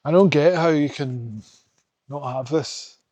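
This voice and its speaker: Young scottish guy vlogging on a hike, rambly and opinionated, kinda high voice, dry sound. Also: takes it slowly, mellow, no echo. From Scotland. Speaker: hiking vlogger. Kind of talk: casual vlog chat on a walk. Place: outdoors in mountains.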